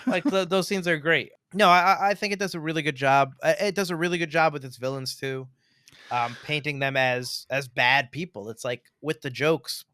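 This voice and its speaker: A man with a bright, forceful voice talking through a film in casual podcast chat. He gets animated and slips into little impressions of the characters. The sound is dry and close, with no room around it. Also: a little high, no echo. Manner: animated, acts out movie lines in quick impressions. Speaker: podcast co-host.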